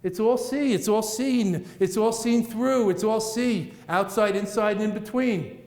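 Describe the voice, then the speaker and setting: A Buddhist teacher gives a playful, rhythmic dharma talk to an audience in a large meeting room, laughing at his own jokes. His voice is high, a little slow and a little mellow, and the echoey hall adds roomy reverb.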